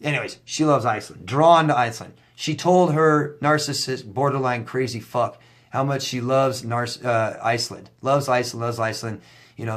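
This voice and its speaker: A man speaking as a coach in a casual to-camera monologue, with a voice of ordinary middle pitch. He swears freely and keeps the tone conversational. His emphasis climbs high and loud whenever a point excites him. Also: normal speed. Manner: animated, profane, rising to near-shouting emphasis.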